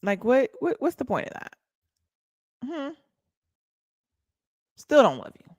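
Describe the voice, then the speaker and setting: A woman's voice: high voice, sing-song, slow pace, a little mellow, dry recording, studio quality. A woman, livestreaming and chatting bluntly and mockingly to her viewers. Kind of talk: casual livestream chat.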